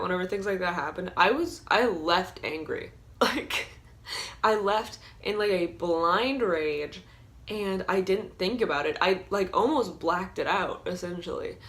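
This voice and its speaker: A woman's voice: medium pitch, a bit bright. A young adult woman telling stories in a casual vlog, chatty and full of "like", often breaking into laughter. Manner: chatty, filler-heavy with frequent "like". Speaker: vlogger. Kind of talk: storytime vlog, casual storytelling.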